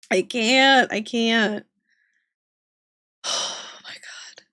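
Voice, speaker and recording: High, giggly woman in casual stream chat with an unhurried delivery. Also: bright, forceful tone, dry recording, clean studio sound. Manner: giggly, laughs often; chats to viewers by name. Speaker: livestreamer drawing art.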